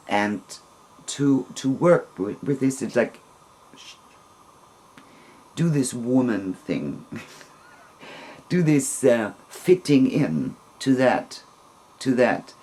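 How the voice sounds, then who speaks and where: A woman vlogger with an extremely low, slightly mellow voice tells a personal story to camera. She speaks hesitantly, often restarting and searching for words.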